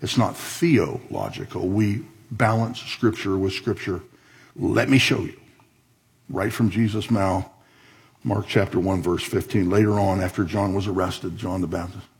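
A man's voice: on the low side, measured pace, slightly rough. A male pastor giving a sermon, reading scripture aloud and commenting on it in a conversational way with wry asides.

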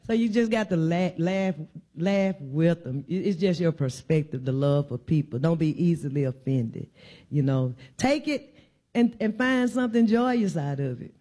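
Warm in tone and fairly low in pitch, a woman speaks from a church in an informal, conversational sermon. She drives each point home by repeating emphatic phrases.

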